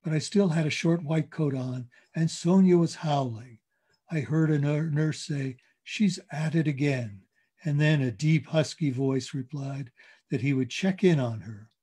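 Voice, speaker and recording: Older male host, husky mellow voice, slightly high, measured reading. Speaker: host reading a story aloud. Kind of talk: reading a story aloud.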